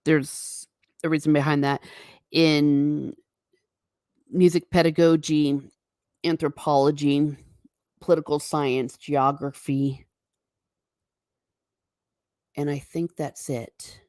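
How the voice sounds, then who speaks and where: A woman's voice: sits low, flat delivery, slow pace, pauses often, a little mellow, no room sound, studio quality. A woman hosting a live stream, chatting casually and reading viewer comments aloud with frequent laughs. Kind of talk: casual chat. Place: home.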